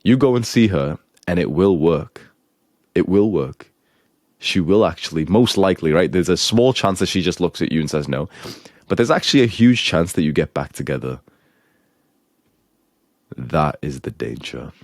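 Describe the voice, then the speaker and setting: A man's voice: low voice, lively intonation, normal speed, no room sound, clean studio sound. A young man giving blunt, crude, scolding relationship advice as a show host. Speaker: self-improvement advice host.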